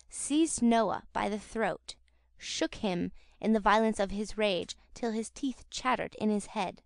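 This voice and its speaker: A woman's voice: medium pitch, gravelly, no echo, studio quality. Woman narrating a classic novel. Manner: measured, dramatic storytelling. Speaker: audiobook narrator. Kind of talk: expressive audiobook narration.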